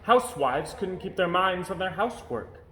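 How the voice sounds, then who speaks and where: A man reading a children's storybook aloud with expressive storytelling, at home. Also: sits high, normal speed, roomy sound. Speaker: storybook reader. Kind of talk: children's book read-aloud. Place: home during quarantine.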